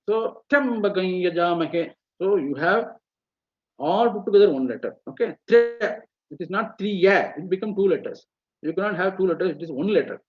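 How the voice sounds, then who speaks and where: A man's voice: high-pitched, breathy edge. A middle-aged man with an Indian accent gives a spoken lecture on chanting rules, hesitating with many fillers and breaking into sample chants. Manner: halting, many fillers, demonstrates chants mid-sentence. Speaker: Vedic chanting teacher. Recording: muffled webinar audio.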